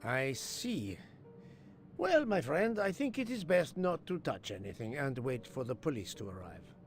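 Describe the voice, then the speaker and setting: A fussy, courteous detective. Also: male voice, mid-range voice, sing-song, measured pace, soft background music. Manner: precise and courteous. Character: fussy refined male Belgian detective. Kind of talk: video game voice acting.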